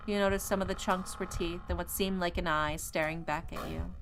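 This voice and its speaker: A woman streaming a horror visual novel, reading its narration in a measured, atmospheric way with casual asides. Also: on the low side, steady tone, fairly bright tone, slight background noise.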